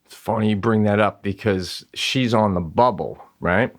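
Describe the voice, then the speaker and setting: Animated, profane storytelling dad. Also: male voice, fairly low pitch, normal speed. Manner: animated storyteller who acts out quoted voices; profane, joking. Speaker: podcast co-host; father. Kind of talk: casual chat.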